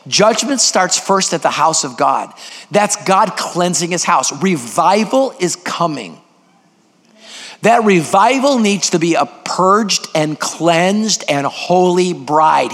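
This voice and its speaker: A man's voice: sits high, fairly bright tone. A man preaching a sermon as a guest preacher, emphatic and putting questions to the congregation, in a church sanctuary. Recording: long hall reverb.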